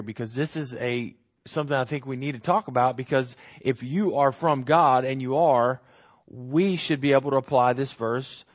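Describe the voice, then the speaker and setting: Male preacher, mid pitch, emphatic and repetitive, dull lo-fi recording. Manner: repetitive emphatic preaching with frequent tag questions. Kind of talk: sermon.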